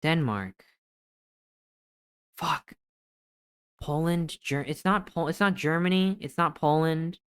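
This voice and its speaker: A streamer giving excitable live gameplay commentary, thinking aloud while guessing and swearing often. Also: mid-range voice, takes it slowly, long pauses, clean tone, no echo, studio quality.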